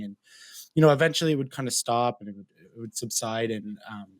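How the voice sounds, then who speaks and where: A man's voice: medium pitch, fast talker, no echo. A young man with a Canadian accent, earnestly telling his personal story as an interview guest, talking freely with many fillers. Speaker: guest, mental health advocate.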